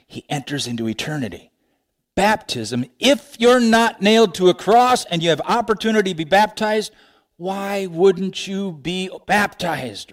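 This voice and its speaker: A man preaching a sermon, animated, laughing often and asking rhetorical questions. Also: high-pitched. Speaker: pastor.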